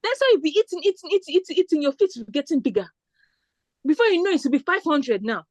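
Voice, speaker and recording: A bossy older market woman with a strong Nigerian accent, who scolds loudly and teasingly and shoots up high in pitch as she nags, as a woman puts her on. The sound is close and dry, with no room to it. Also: animated, quick pace, dry recording. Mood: scolding. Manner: loud, teasing, exclamatory.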